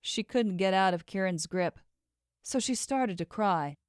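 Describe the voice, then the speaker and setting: A woman narrating a fantasy romance novel in a measured, expressive storytelling voice. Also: lowish voice, clear, resonant tone, dry recording, clean studio sound. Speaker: audiobook narrator. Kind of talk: scripted narration.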